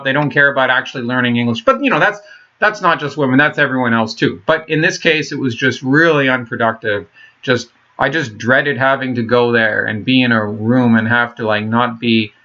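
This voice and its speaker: A man vlogging a rambling personal monologue, halting and profane, with many restarts. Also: mid-range voice, pushed and bright, lo-fi sound.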